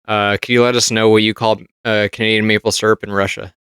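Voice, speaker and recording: A man co-hosting a podcast who trades wry, joking remarks in casual chat. His voice is low and strikingly smooth and clear. The sound is close and completely dry. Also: fairly bright tone, no echo. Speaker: podcast co-host.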